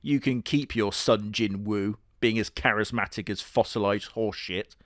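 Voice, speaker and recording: A man hosting a comedic reaction video with sarcastic, profane, deadpan jokes. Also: lowish voice, normal speed, no echo, studio quality.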